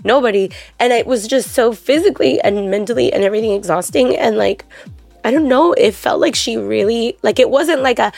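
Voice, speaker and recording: Gravelly-voiced woman telling a story. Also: mid-range voice, moderate pace, no echo, faint music behind. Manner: animated storyteller, lots of fillers. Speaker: podcast co-host. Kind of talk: casual chat.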